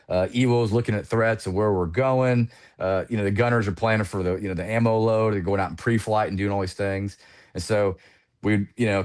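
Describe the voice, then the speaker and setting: A man in his forties with a lowish voice tells his war stories at a fast clip as a podcast guest. He is animated and peppers his talk with casual "you know" fillers. His delivery is relaxed and conversational. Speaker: podcast guest, retired Air Force pilot.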